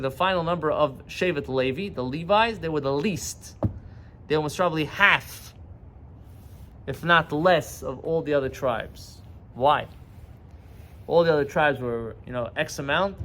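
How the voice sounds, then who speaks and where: Rabbi with a raised voice telling a parable. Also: male voice, high voice, a bit bright. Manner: explains patiently, retelling stories in plain words. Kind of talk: short morning sermon with a parable.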